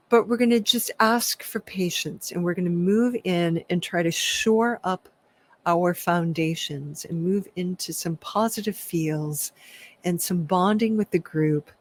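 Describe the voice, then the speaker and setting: A woman leading a prerecorded spiritual workshop talk, reflective and self-deprecating, laughing often. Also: fairly low pitch. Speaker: workshop leader.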